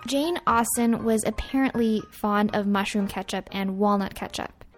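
With a medium-pitched voice at a moderate pace, a woman co-hosts a food history podcast. She and her partner trade off reading scripted facts in an upbeat way, with faint music running underneath.

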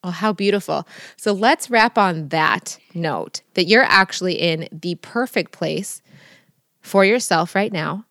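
A woman hosting a casual podcast interview, telling stories in an animated, emphatic way. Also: lowish voice, measured pace, dry recording, studio quality. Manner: animated storytelling, expressive and emphatic. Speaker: podcast host.

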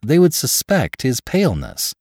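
A man narrating a classic story for a podcast, measured and expressive. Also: mid-range voice, dry recording, clean studio sound.

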